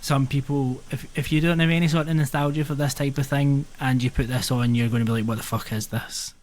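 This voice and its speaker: A man co-hosting a podcast, reviewing a game in an earnest, hesitant way and filling his pauses with "um". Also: mid-range voice, fairly even intonation, darkish tone. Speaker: podcast co-host. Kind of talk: casual chat.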